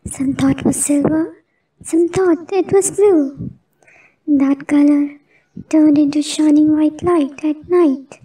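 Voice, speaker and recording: Woman gently reading a children's story. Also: high-pitched, distant mic, poor audio.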